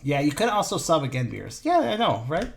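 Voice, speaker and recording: A man's voice: fairly high pitch, sing-song, fairly quick, vocal fry. Brief: male streamer, casual rambling chat, self-correcting, chuckles, voice-chat mic. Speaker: streamer and player. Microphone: push-to-talk voice chat mic.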